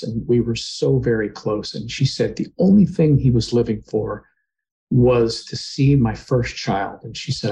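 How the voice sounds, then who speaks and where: A man's voice: medium pitch, gravelly, mellow, poor audio. A man, a podcast guest, earnestly retelling a personal experience in conversation, sometimes getting emotional.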